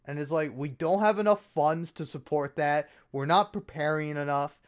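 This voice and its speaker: A man's voice: fairly high pitch, normal speed, clean tone. A man hosting a podcast, ranting in a casual, comedic way with rambling, profane, exasperated talk. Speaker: podcast host.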